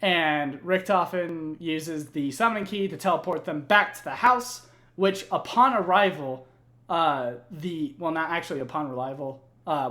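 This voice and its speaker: Young man rambling, higher voice. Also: a bit bright. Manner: rambling, profane, many fillers. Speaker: gamer recounting game lore. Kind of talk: casual chat.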